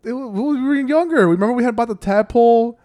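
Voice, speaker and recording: A man's voice: very high-pitched, quick pace, dark tone. A man in a casual chat, asking laid-back questions and recalling things.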